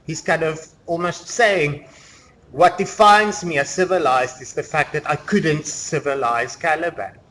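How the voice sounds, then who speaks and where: Chatty male lecturer, slightly high voice. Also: unhurried, fairly bright tone, slight background noise. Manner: conversational, explaining with many fillers. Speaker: university lecturer. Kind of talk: classroom lecture. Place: lecture room.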